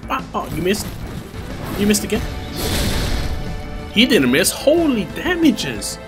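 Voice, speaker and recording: A man's voice: sits high, wildly swooping pitch, slow, long pauses. A man giving casual, jumpy gameplay commentary, exclaiming and yelping at the scares. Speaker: gamer playing a horror-heavy action game. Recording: game music playing loudly behind.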